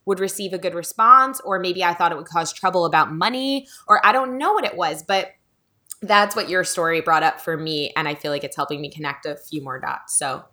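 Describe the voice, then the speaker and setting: Bright-voiced woman telling a story. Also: lowish voice, brisk. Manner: storytelling, acting out quoted voices. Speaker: podcast host. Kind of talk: casual chat.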